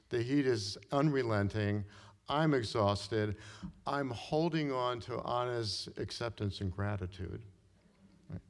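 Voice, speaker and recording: A middle-aged man telling a personal story live on stage, talking conversationally and often tagging his sentences with "right?" and clearing his throat. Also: medium pitch. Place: stage in a hall before an audience. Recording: long reverb of a hall.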